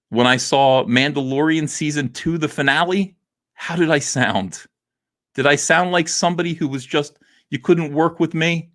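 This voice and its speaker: A man hosting a comics livestream, talking in a theatrical monologue that swings between quiet and loud, with frequent laughs. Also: a little high.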